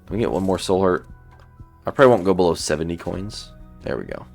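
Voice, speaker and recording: Gaming commentator, male, very low voice, laid-back running commentary, faint music underneath. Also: fast, gravelly. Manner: relaxed, thinking aloud while playing. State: sleepy, yawning. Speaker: gaming YouTuber. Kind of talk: let's play commentary.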